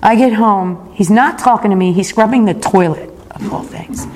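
A woman's voice: medium pitch, normal speed, a little mellow, slight background noise. A woman in her fifties giving a candid, reflective personal talk at a recovery meeting, speaking openly about her own faults. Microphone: recorded talk.

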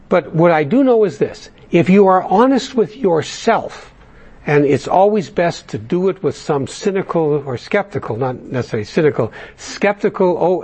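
A man's voice: on the high side, a little mellow, slightly rough. A man speaking to a large audience at a recovery workshop, talking bluntly and conversationally with frequent restarts. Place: large meeting room.

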